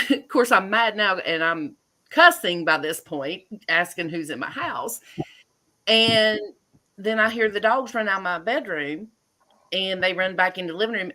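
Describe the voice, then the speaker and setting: A woman tells her story in a bright, forward voice, lively and chatty. She speaks as a guest over a video call, from home. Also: medium pitch, unhurried. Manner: chatty, animated retelling with laughs. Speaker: guest homeowner. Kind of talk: casual storytelling.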